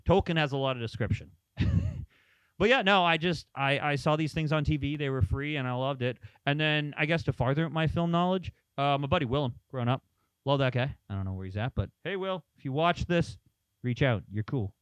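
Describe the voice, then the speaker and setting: A man's voice: a little high, a little fast, a bit bright, smooth, no room sound. A man co-hosting a casual chat show, rambling through stories and acting out quotes. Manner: rambling storyteller, acts out quotes. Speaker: podcast co-host.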